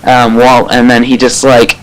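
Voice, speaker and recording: A man reviews a TV episode in a loose, rambling way. He retells scenes excitably, with plenty of fillers and casual swearing. His voice sits at a middle pitch, and faint noise hums underneath. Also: a little slow, rough recording.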